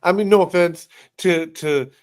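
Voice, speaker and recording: A man co-hosting a casual podcast, his voice sitting a little high. He swears freely and rambles, circling back with frequent restarts. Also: unhurried. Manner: profane, rambling with many restarts. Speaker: podcast co-host. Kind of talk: casual chat.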